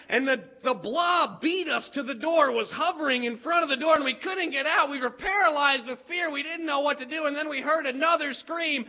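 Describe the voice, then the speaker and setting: A man with a very high voice performs a story with lively, dramatic build-ups. He breaks into shouts at the tense moments. The recording sounds dull and lo-fi. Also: moderate pace, few pauses.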